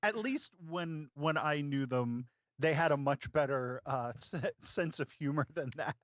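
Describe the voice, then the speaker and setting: A man's voice: on the high side, measured pace, fairly bright tone, dry recording. A man guesting on a podcast, telling stories in casual chat and laughing easily. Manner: storytelling, easy laughing. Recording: dull dry sound.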